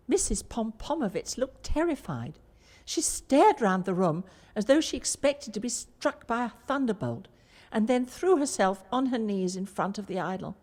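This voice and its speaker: A woman's voice: medium pitch, expressive, moderate pace. A woman reading a story aloud with expression, narrating between the characters' lines. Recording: long reverb.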